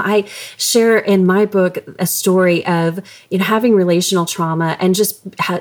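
A woman's voice: mid-range voice, a little mellow. A woman hosting a faith-based parenting interview, telling personal stories in an earnest, emotional way. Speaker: podcast host.

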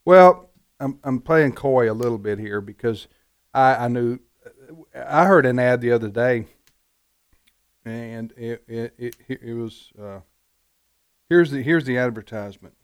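A man's voice: medium pitch, measured pace, long pauses, smooth. A man co-hosting a talk radio show, speaking emphatically and repeating words as he presses his point. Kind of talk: conservative talk radio discussion.

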